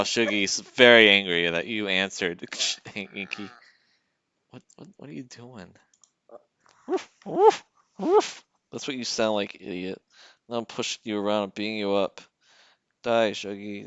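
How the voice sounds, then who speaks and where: Casual male streamer, deep-ish voice, playful and teasing, light music under. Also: sharp tone, clean tone, dry recording, highs cut off. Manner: playful teasing, talking to his dog. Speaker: game developer streaming.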